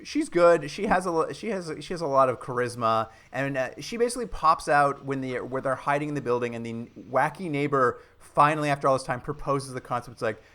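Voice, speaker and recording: A man co-hosting a podcast, casually recapping a movie and acting out quoted lines with lively energy. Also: medium pitch, fairly quick, hardly any pauses. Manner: animated retelling, acts out quoted lines. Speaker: podcast co-host.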